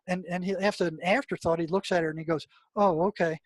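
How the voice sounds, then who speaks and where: An older man speaks as an interview guest, his voice pitched a little high and recorded dry and close. He tells his story with animation, stumbling through restarts and breaking into exclamations at dramatic moments. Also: quick pace, few pauses, no room sound. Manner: animated, many restarts, exclaims when recounting. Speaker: guest, retired mental health practitioner.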